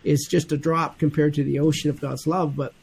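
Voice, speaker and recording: Middle-aged man, husky, fairly high voice; reflective, halting delivery in a faith talk. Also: level tone, darkish tone. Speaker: co-speaker. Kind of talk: devotional talk.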